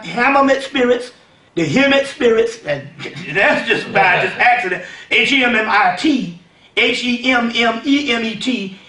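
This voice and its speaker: A man giving a seminar-style lecture, animated and conversational, often checking that the audience follows. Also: high-pitched. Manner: animated, keeps asking "you see what I'm saying". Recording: roomy sound from a distant mic.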